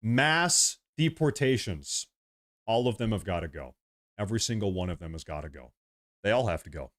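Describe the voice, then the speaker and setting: A man from the United States hosting a political livestream, with heated, combative and repetitive talk that swings between loud outbursts and low mutters, into a headset mic. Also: animated, fast talker. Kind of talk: livestream commentary.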